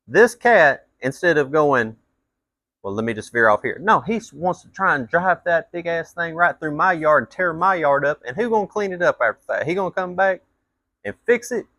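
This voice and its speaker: Man, vlog rant, profane and blunt, bright edgy voice, dry close sound. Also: on the high side, normal speed, no room sound. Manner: animated, blunt and profane, rising to heated outbursts. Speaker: vlogger. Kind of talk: storytelling rant.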